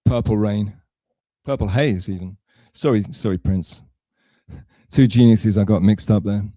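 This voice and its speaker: Man from England, livestream monologue, sarcastic, digressive, mellow, dry sound. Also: lowish voice, a little slow, dry recording. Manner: self-mocking, sarcastic, digressive. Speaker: streamer.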